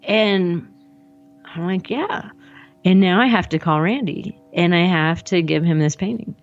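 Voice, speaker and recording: A woman's voice: on the low side, normal speed, muffled recording, soft background music. A woman telling a personal story in conversation, rambling and acting out the dialogue with lots of "like". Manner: rambling, acts out the dialogue, frequent "like".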